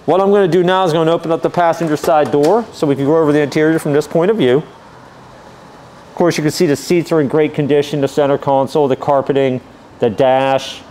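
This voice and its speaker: In a casual walkaround of a classic car for sale, a dealer presenter moves the camera around and talks methodically and easygoingly, dropping many "um"s and "uh"s. His voice is a little high and darkish, fairly quick, with fairly even intonation and slight background noise.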